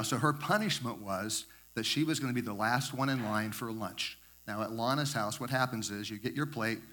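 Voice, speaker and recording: Older man, grandfather type, bright clear tone, loose rambling sermon storytelling, stumbles and repeats. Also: medium pitch. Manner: rambling, repeats words, self-correcting asides. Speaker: speaker sharing a devotional story.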